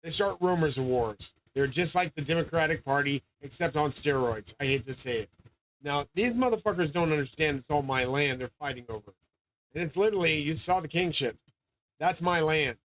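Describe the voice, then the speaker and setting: Male channel host, slightly high voice, rambling and profane, prone to yelling. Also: lively intonation, moderate pace, slight background noise, poor audio. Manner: rambling, swearing, grandiose; often yelling. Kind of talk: profane monologue rant.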